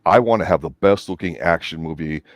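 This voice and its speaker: A man's voice: low-pitched, brisk, no echo. A man co-hosting a movie review show, laying out his opinions at length in an emphatic, casual way.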